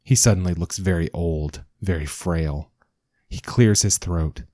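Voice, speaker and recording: A man reading a dramatic story as narrator, in a measured storytelling manner. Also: rumbling low, warm tone, dry recording, clean studio sound. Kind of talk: scripted narration.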